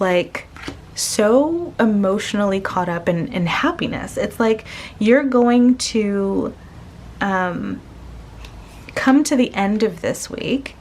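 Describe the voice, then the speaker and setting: A woman giving a casual spoken tarot reading to her viewers, gentle and searching, pausing often and restarting her sentences. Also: mid-range voice, slight background noise. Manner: slow, gentle, searching, with many pauses and restarts. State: tearful, emotional. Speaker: tarot reader.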